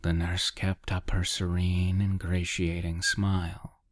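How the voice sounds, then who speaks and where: A man narrating a dark short story as a soft, half-whispered ASMR reading close to the mic. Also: deep voice, completely flat delivery, dry recording. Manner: quiet, half-whispered, measured.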